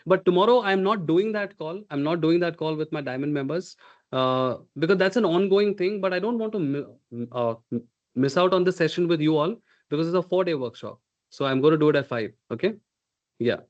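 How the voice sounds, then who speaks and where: Male speech coach, high voice, dull audio, emphatic and demonstrative. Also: brisk. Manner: emphatic, drills sounds aloud, checks in with "okay?". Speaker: communication coach. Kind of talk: live online workshop coaching.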